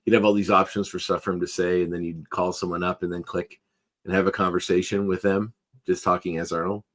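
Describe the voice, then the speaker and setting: Chatty, rambling man with a lowish voice. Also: level tone, a little fast, a bit bright. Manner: rambling, chatty storyteller with frequent fillers and laughs. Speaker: podcast co-host. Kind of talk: casual chat.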